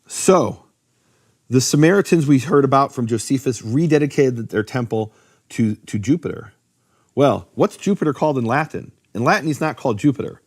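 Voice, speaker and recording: A man teaching in casual talk, lively, with many fillers and restarts. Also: mid-range voice, moderate pace. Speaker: Bible teacher.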